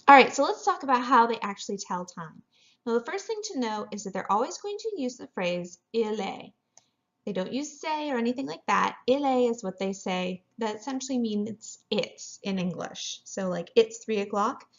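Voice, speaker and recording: A woman's voice: fairly high pitch, expressive, normal speed, dull audio. A woman teaching a French class, explaining step by step and mixing French phrases into her English. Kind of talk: classroom lecture over slides.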